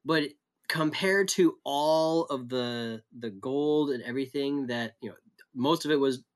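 A man's voice: mid-range voice, unhurried. A man in a conversational Bible study, reflective and thinking aloud with frequent restarts. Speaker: pastor.

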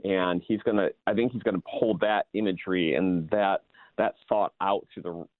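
A male pastor with a lowish voice explains a Bible verse earnestly, pausing often on fillers. His sound comes through a thin, phone-like band. It is dry, with no room echo. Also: steady tone. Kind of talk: casual Bible study discussion. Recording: tinny phone-like line.

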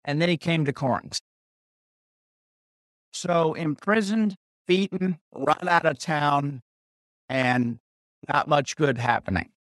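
A man teaching through a Bible passage verse by verse, deliberate and pausing, repeating key phrases for emphasis. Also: fairly high pitch, fairly bright tone, no room sound, clean studio sound. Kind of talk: slow expository Bible teaching.

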